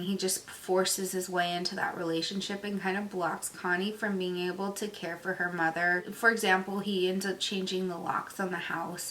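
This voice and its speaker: A woman talking casually about a book she read, telling it in an emotional, animated way with lots of fillers. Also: on the low side, a little hiss or hum, poor audio. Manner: emotional, animated storytelling with many "like" and "you know". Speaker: book reviewer. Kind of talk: casual book review talk.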